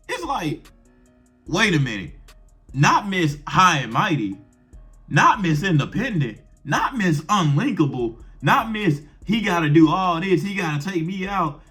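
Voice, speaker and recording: A man's voice: high voice, a bit bright. A young man giving blunt, profane relationship advice to camera in brash slang, firing off rhetorical questions. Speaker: advice vlogger.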